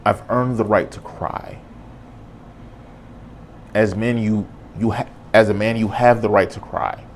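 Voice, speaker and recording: A man with a low, deep voice and a gravelly edge hosts a solo podcast. He talks in an earnest, reflective way, casual and loose, dropping "bro" as he goes. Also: steady tone, a little slow, slight background noise. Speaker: podcast host.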